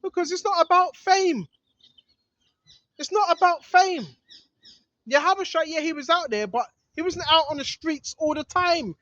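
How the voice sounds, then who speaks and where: A man's voice: extremely high pitch, unhurried, long pauses, fairly bright tone, lo-fi sound. A man preaching in an emphatic, rambling way outdoors in a hidden spot in the woods, often asking "right?". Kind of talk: outdoor religious vlog monologue.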